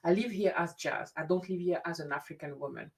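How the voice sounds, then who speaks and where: Woman host, slightly low voice, animated storyteller who restarts often. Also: brisk, gravelly. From grew up in France. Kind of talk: casual conversation. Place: lives in the UK.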